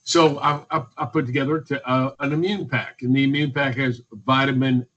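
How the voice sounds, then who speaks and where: A man's voice: medium pitch, fairly even intonation, moderate pace, fairly bright tone, highs cut off. A man, speaking as a physician guest in a radio interview, emphatic and repetitive, listing points one by one. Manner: emphatic, repetitive, list-making.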